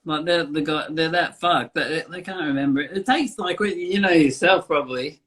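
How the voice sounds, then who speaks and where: Aussie tattooist, fairly high voice for a guy, lots of like and you know, sweary. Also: moderate pace, a bit bright. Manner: rambling, swearing, many fillers. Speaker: tattoo artist. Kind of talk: casual chat.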